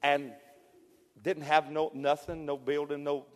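A middle-aged man preaching a fervent revival sermon, swinging from loud peaks to hushed storytelling. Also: on the high side, little pitch movement, unhurried. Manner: fervent, builds to shouted peaks then drops to hushed storytelling. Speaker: pastor. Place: church sanctuary. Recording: long hall reverb.

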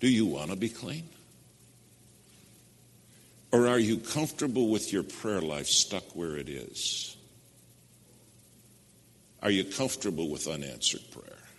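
Deep-voiced preacher man in a reverberant hall. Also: expressive, takes it slowly, pauses often, husky. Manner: emphatic, asks the listeners direct questions. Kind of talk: sermon storytelling.

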